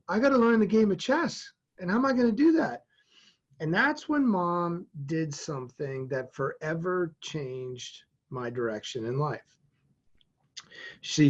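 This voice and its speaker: A man from Massachusetts tells a personal story as a podcast guest, animated and vivid. His voice sits fairly high for a man and comes through a dull, lo-fi recording. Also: breathy edge. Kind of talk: storytelling in an interview. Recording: dull lo-fi sound.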